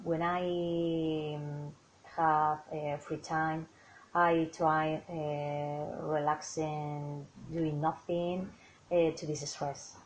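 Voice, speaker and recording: Hesitant Spanish-accented woman, low voice. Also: level tone, extremely slow. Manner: hesitant, many fillers. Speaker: English learner. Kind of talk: recorded practice answer. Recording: dull lo-fi voice message with faint background noise.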